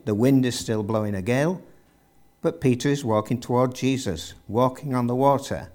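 A man's voice: medium pitch, moderate pace, a little mellow. A man preaching a sermon, retelling a story with vivid narration and rhetorical questions to the congregation.

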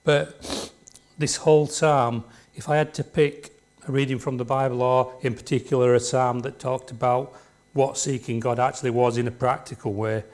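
A man preaching from the front of a church speaks at normal speed in a steady, medium-pitched, slightly mellow voice. His delivery stays plain and conversational, and he relies on tag questions such as "isn't it?" and "don't we?" to keep the congregation involved.

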